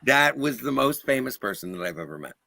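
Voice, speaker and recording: A man speaks on a live online panel in a gravelly voice with a bright, forceful edge. He talks haltingly and often stops to restart his sentences. The sound is dry and close to the mic. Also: medium pitch, big pitch swings, no room sound. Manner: halting, with many fillers and restarts. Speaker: livestream panelist. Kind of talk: panel debate and anecdote.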